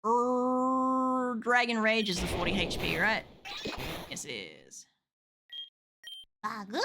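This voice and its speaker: A young woman streaming a game, chatting excitedly and swearing freely as she talks to her viewers and the game. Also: a little high, slow pace, noisy background. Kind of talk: casual live-stream chat while gaming.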